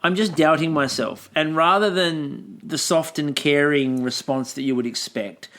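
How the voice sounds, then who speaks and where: A man's voice: on the high side, a little slow, fairly bright tone. Man, podcast co-host, casual chat, acts out quotes. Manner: chatty, acts out quoted lines. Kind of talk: casual chat recapping a TV show.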